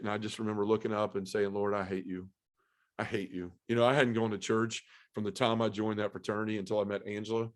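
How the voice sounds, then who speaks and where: Male guest, lowish voice, emotional and earnest testimony style. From Memphis area, US South. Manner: emotional, earnest storytelling with many fillers. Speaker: podcast guest. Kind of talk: personal testimony in conversation.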